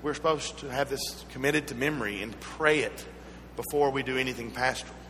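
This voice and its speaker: A man with a Southern American accent preaching a sermon, mixing earnest teaching with personal stories and gentle humor. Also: medium pitch, a little fast. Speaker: pastor. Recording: echoey hall with faint hum.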